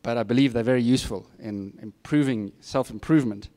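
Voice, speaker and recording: Brisk and dark-toned, this mid-range male voice belongs to a middle-aged guest speaker. He gives students frank, straightforward career advice in an informal talk, with self-deprecating asides.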